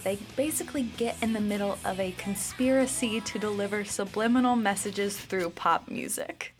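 A woman's voice: mid-range voice, moderate pace, faint music behind. Woman podcast co-host, casual chat, enthusiastic trivia-sharer with a mid-range voice. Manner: enthusiastic, detailed, trivia-heavy. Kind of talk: casual pop-culture chat.

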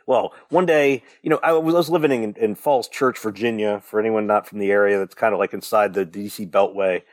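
In clean studio sound with no echo, a young male podcast co-host rambles through a casual story, his fairly low voice moving at a quick clip. The chat is full of fillers and the occasional swear word.

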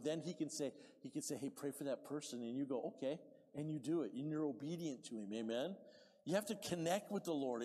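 A man preaching a sermon with lively swings from quiet to loud, asking for amens. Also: on the high side, slightly rough, big-room sound.

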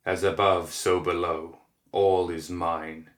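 A man doing a slow crooning demon. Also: deep voice, flat delivery. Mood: menacing. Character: monstrous demon voice, slow, domineering, hungry. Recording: echoey room.

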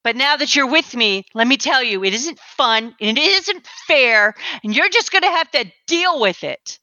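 A woman's voice: high-pitched, expressive, moderate pace, bright, forceful tone, no echo, highs cut off. A woman playing a defiant, indignant cleaner. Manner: indignant, sarcastic. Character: defiant, put-upon working woman, a church cleaner.

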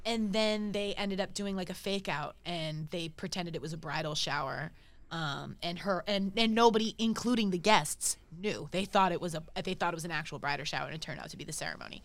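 Chatty woman podcast host, bright voice. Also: lowish voice, fairly quick. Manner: chatty, heavy use of "like", swears casually. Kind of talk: casual chat.

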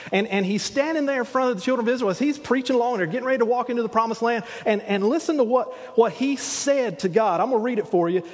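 Preacher, male, high husky voice, folksy storytelling sermon, long hall reverb. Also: darkish tone. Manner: retells scripture as vivid, conversational storytelling with frequent restarts.

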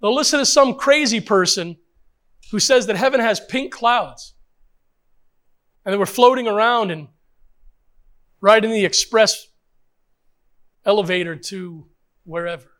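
A man's voice: high voice, a little slow, pauses often, fairly bright tone. An older man, a pastor, preaching a sermon with emphatic rhetorical questions and repetition.

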